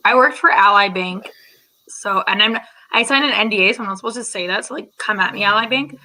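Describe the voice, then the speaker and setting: Bright-voiced Canadian woman chatting. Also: mid-range voice, brisk. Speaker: co-host. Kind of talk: casual group chat over video call.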